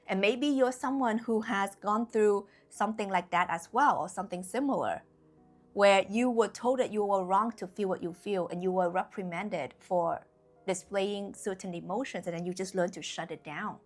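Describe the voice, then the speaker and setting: A young woman talking casually and bluntly to camera as a spiritual YouTuber, emphatic, with lots of fillers. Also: mid-range voice. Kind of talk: casual direct-to-camera talk.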